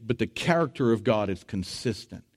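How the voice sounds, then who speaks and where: A pastor preaching with lively, sweeping delivery. His voice jumps up loud for emphasis, then drops low and quiet for earnest points. He tells stories with humor and acts out quotes. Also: moderate pace. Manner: animated preaching with swings between loud and hushed. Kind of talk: sermon.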